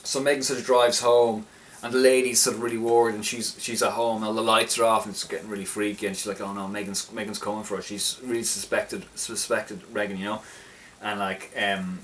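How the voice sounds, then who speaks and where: This young film reviewer's voice is on the low side and fairly bright, moving briskly with little pitch variation. He casually recaps a movie he liked, rambling and restarting sentences out of enthusiasm, with a slightly distant mic and faint background noise picked up.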